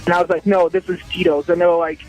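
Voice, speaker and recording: A man's voice: sits high, flat delivery, very fast, darkish tone, faint music behind, low-quality recording. A man from Russia, a native Russian speaker, chatting casually as a caller on a radio show. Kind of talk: phone call into radio show.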